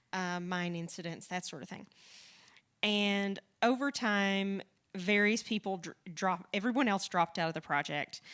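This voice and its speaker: A woman's voice: fairly low pitch, fairly bright tone, smooth. Chatty woman from the American South. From Southern United States. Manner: rambling and chatty, with frequent restarts and light laughs. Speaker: podcast co-creator, guest. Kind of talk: casual conversational interview.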